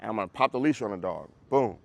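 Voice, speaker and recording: A man's voice: lowish voice, expressive, fast, gravelly, no room sound. A man, a dog trainer, coaching a group class in a casual, conversational way over a video call, often checking that listeners follow.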